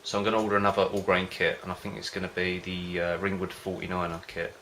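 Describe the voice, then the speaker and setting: A man with a low, steady voice that stays in a narrow band, and a bright, forward tone. He chats casually to camera as a home-brewing vlogger, rambling and hesitating as he goes. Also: fast, a little hiss or hum. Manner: rambling, hesitant, loses his thread.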